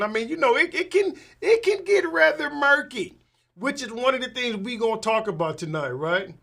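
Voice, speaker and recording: A man, a tax professional, talking casually to his audience, rambling with many restarts and asking "right?" often, getting animated when he retells conversations. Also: high voice.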